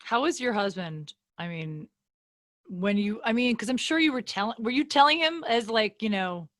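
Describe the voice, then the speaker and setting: A woman hosting a casual interview chat, reacting quickly and throwing in jokey asides. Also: fairly high pitch, lively intonation, no echo, studio quality. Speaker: podcast host.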